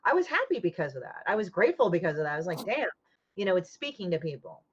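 A woman's voice: on the low side, quick pace, slightly rough. Blunt, swearing woman, lo-fi audio. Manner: blunt, swears freely, lively retelling. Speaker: comic artist. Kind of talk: casual podcast chat. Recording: dull lo-fi audio.

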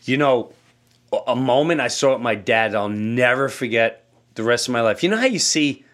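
A man hosting a podcast, telling a story in a casual, animated way and acting out the voices in it. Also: medium pitch, normal speed. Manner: animated, acts out quoted voices. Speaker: podcast host.

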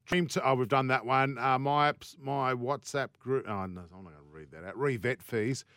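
Teasing Australian radio host, dry studio. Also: male voice, medium pitch, normal speed, fairly bright tone, no echo. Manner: teasing, reads listener texts. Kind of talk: casual chat.

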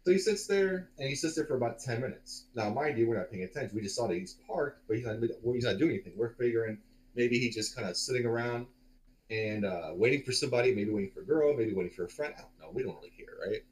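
A man's voice: medium pitch, animated, quick pace, darkish tone, rough recording. A man in his forties telling a long story on a podcast in a loose, rambling way, with lots of fillers and swearing. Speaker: podcast co-host. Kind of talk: casual storytelling.

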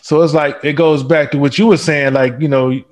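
A man's voice: on the high side, fairly quick. A man hosting a casual panel discussion, agreeing easily and reading out viewer questions and comments. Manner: relaxed, agreeable, lots of fillers while reading viewer questions. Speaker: host.

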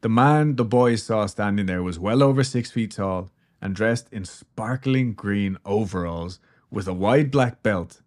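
A man with a lowish voice hosts a casual podcast. He tells an eerie story in a loose, rambling way, cracking jokes and swearing as he goes. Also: unhurried, a little mellow. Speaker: podcast host.

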